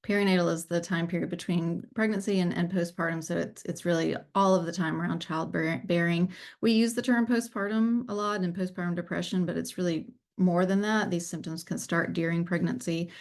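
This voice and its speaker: Female guest speaker on a video call, from Appalachian North Carolina, lower voice, candid and earnest. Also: steady tone, a little fast. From Southern Appalachian North Carolina. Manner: earnest, candid, with frequent ums and restarts. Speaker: guest speaker, peer support program director. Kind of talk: personal testimony in a webinar.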